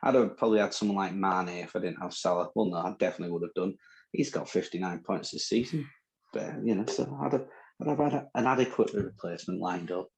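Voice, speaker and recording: A man with a northern English accent chats and teases his co-host on a podcast. His voice sits very low with a gravelly, creaky edge. He talks in loose, rambling banter. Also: fast, darkish tone, poor audio. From northern England. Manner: bantering, chatty, teasing. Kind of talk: casual chat.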